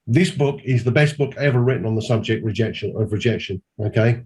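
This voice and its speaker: Husky-voiced male mentor, emphatic and repetitive delivery, call audio. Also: fairly low pitch, brisk, a little mellow. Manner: emphatic, repeats key points. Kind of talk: mentoring talk.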